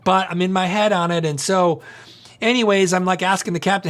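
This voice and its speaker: High-voiced man telling a sermon story. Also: fairly quick. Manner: animated, conversational, asks the audience questions. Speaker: pastor.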